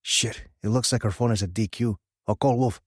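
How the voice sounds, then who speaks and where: A man voicing a gruff adult male biker who talks in a blunt, growling, threatening way in an audiobook. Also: lowish voice, moderate pace, dry recording, studio quality, pitched above the performer's own voice, close to an everyday voice. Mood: urgent.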